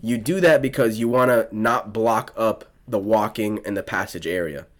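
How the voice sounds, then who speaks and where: A man's voice: fairly low pitch, normal speed. A young man from South Florida hosting a podcast, telling a rambling story full of swearing and restarts in casual chat. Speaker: podcast host.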